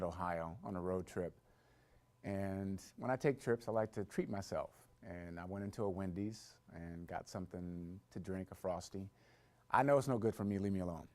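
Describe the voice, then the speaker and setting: A man's voice: low-pitched, darkish tone. A man telling a personal story in a conversational way, then building to emphatic points as a motivational talk.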